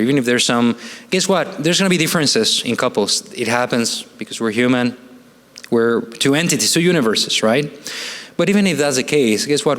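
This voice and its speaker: A man giving a conversational presentation to a church audience, often asking rhetorical questions and ending points with "right?". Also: mid-range voice. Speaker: church family seminar speaker. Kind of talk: presentation talk with slides. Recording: long hall reverb.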